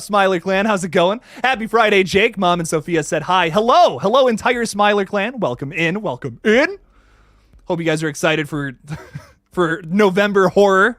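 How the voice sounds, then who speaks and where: A young man who hosts a horror movie channel, chatting casually and excitedly on a livestream, reading viewer comments aloud with lots of swearing and laughter. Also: high voice, dry recording, studio quality. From Ohio, USA. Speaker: YouTube horror channel host.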